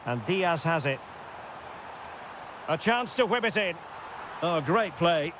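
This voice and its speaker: A man giving play-by-play football game commentary, shouting on goals and calm between plays. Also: a little high, takes it slowly, background noise.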